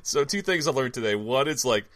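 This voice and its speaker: A man's voice: mid-range voice, expressive, fairly quick, fairly bright tone. A young man co-hosting a casual podcast, telling stories with a lot of laughing and swearing and acting out the voices in them. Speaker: podcast co-host. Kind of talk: casual chat, storytelling.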